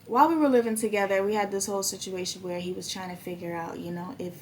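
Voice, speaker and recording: A young woman, hosting a podcast and telling a story in animated, profane casual chat. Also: mid-range voice, fast, a little hiss or hum. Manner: animated, swears freely, acts out quoted dialogue. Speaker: podcast host.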